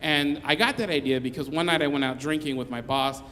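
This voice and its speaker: A man's voice: fairly high pitch, a little fast, sharp tone. A man with a slightly raised voice tells a comic story on a live stage, circling back and restarting his sentences as he goes. His voice carries a long reverb from the room. A faint hiss sits underneath. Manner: rambling, with many restarts and asides.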